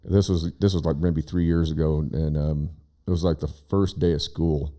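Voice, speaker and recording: Low, mellow-voiced man telling rambling stories. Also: normal speed. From Oregon. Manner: rambling, animated storyteller who shouts out quoted lines. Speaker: guest, visiting brother. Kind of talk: casual storytelling chat. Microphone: studio microphone.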